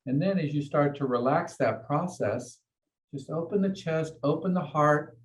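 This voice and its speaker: A man's voice: a little high, moderate pace, slight background noise, poor audio. A man leading a meditation class, explaining ideas to his students in a conversational way and often checking in with "okay?" and "right?". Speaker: meditation teacher.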